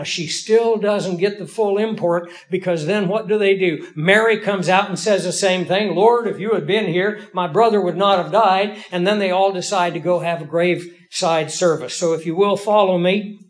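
Male preacher, high voice, folksy and emphatic, lets key lines hang slowly. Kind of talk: sermon.

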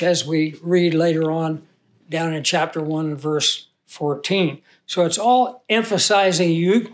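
A man preaching a Bible teaching sermon in a conversational way, asking the audience questions and reading scripture slowly with emphasis. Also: high voice. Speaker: pastor.

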